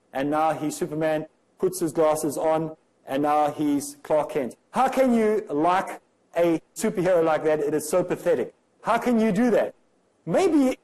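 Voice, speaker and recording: A man's voice: sits high, warm tone, poor audio. A man from Africa, giving an emphatic religious lecture full of rhetorical questions. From South Africa.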